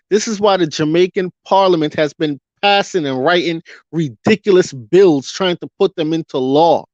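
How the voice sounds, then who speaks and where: Man vlogger, slightly high voice, hot-headed rant full of rhetorical questions; dull lo-fi, dry sound. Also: a little mellow, no room sound. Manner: fiery, rhetorical questions, drawn-out emphasis. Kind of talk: ranting commentary monologue.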